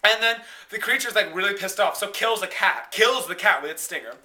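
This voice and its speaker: Bright, rambling man recapping a movie. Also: high voice, animated, fairly quick. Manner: rambling, filler-heavy, laughs and acts out lines. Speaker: friend retelling a movie. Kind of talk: casual dramatic movie recap.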